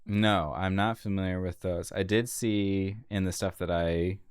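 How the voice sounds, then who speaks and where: Deep-voiced man, laid-back chat. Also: fairly even intonation, measured pace, smooth, no room sound, clean studio sound. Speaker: podcast co-host. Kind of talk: casual podcast chat.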